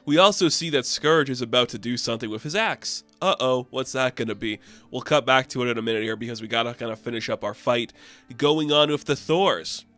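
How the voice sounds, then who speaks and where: A man recapping a comic book issue in a chatty, loose, excitable way. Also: medium pitch, fairly quick, soft background music. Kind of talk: casual review recap.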